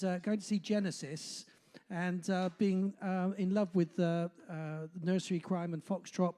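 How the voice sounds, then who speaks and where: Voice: medium pitch, warm tone. An older compere, about sixty, with a faint Bristol accent talks live from a pub stage. The delivery rambles and mocks itself, full of filler "uh"s. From Bristol, England. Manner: rambling and self-mocking, with many filler "uh"s. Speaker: compere of a live music night. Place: pub function room, on stage.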